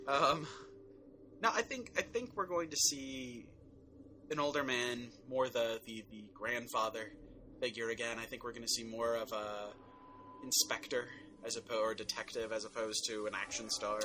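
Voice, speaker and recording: A man's voice: medium pitch, steady tone, moderate pace, pushed and bright, slight background noise. A man co-hosting a fan podcast in casual, joking chat. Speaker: podcast co-host.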